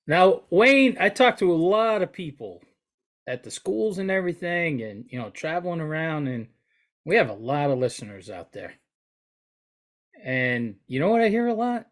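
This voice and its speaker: Joking, slightly high-voiced man. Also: sing-song, normal speed. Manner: joking, rambling. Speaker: podcast co-host, flooring contractor. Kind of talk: casual banter.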